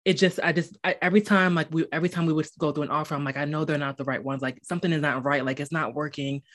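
A woman's voice: low voice, fairly even intonation, rapid-fire. A woman hosting a podcast, chatty and rambling, with many fillers. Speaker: podcast host. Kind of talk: casual interview chat.

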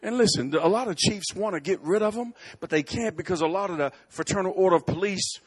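A middle-aged man preaching a sermon in church, telling stories with lively swings between bold, loud lines and quiet asides. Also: high-pitched, fast, breathy edge. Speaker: guest preacher. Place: church sanctuary.

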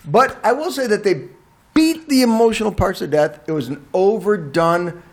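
A man hosting a podcast, animated and joking, often cutting in. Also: high-pitched. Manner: animated, joking, quick to interrupt. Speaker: podcast host. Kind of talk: casual chat.

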